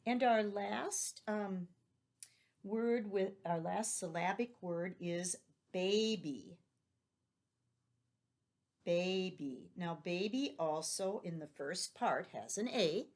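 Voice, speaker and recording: Middle-aged woman teacher, low-pitched and slow, patient spelling lesson for young kids. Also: darkish tone. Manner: patient, spells words out letter by letter.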